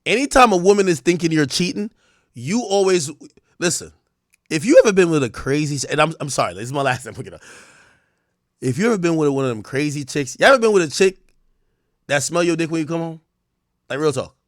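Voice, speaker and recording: High, lively-voiced male streamer. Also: fairly quick, long pauses, no echo, studio quality. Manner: animated, crude storytelling that acts out dialogue; breaks into loud shouting bursts. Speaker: live streamer. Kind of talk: casual livestream commentary.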